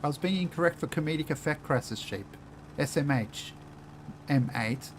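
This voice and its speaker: A man's voice: fairly high pitch, expressive, normal speed, a little hiss or hum. A young Australian man streaming a game, chatting with viewers in a loose, joking way, swearing freely and laughing often. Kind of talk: casual gameplay commentary, chatting with viewers.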